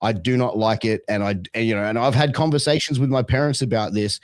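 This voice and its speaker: An Australian man talking bluntly as a guest in casual chat, animated, with many restarts and some swearing. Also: mid-range voice, fast talker, no room sound. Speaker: podcast guest, wrestling manager.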